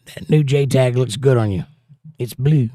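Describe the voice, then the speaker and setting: A man's voice: medium pitch, normal speed, mellow, no echo. Male livestream host, casual, jokey, reads chat aloud, dry close sound. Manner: chatty, jokey, reads viewer comments aloud.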